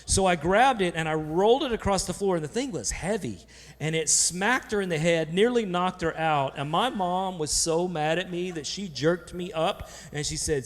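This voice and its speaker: A man with a high, fairly bright voice moderates a church panel at normal speed, his casual stage stories rambling along with jokes and frequent restarts. The sanctuary gives the recording a long reverb.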